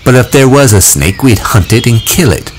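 A bold boy eager to hunt speaks with blunt confidence, voiced by a man reading aloud. The voice is only a touch raised and moves lively through its phrases. Faint birdsong and crickets run beneath. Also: mid-range voice, normal speed, slight background noise, voice pushed up, lightly acted. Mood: assertive.

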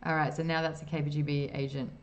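A woman's voice: sits low, level tone, fast talker. A woman streamer in her thirties, playfully reading game dialogue aloud while playing, putting on voices and adding asides.

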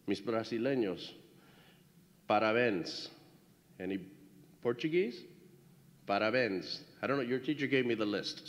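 A man giving a ceremony speech at a graduation, playfully trying out congratulations in many languages before warmer closing words. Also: lowish voice. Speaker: school official addressing graduates. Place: large hall at a graduation ceremony. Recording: echoey hall, dull lo-fi sound.

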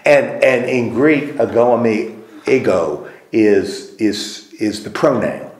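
A man's voice: mid-range voice, takes it slowly, a little mellow. A man leading a group Bible study in a church meeting room, putting questions to the group and repeating their answers. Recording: roomy echo.

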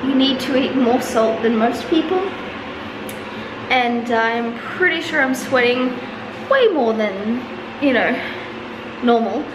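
A woman's voice: on the high side, noisy background. A young woman chatting casually in a vlog, rambling and swearing offhandedly, sounding tired. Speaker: vlogger.

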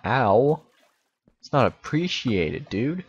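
Excitable young man narrating a game. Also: medium pitch, takes it slowly, lo-fi sound, noisy background. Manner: excitable, exclaiming and rambling. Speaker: gaming YouTuber. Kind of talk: casual gameplay commentary.

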